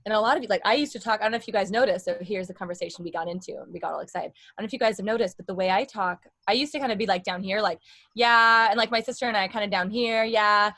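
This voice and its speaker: A woman's voice: medium pitch, rapid-fire, hardly any pauses, a bit bright, no echo. A young adult woman vocal coach giving a casual, rambling lesson with demonstrations.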